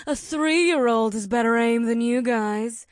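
Man playing a taunting young woman, mocking, high voice, dry sound. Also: unhurried, dry recording. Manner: mocking, teasing.

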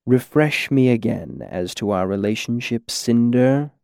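A man doing a soft-spoken menacing shadow lord. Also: mid-range voice, no room sound, studio quality. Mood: cold, patient. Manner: slow, soft, carefully measured menace. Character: cool, patient, menacing shadowy male lord.

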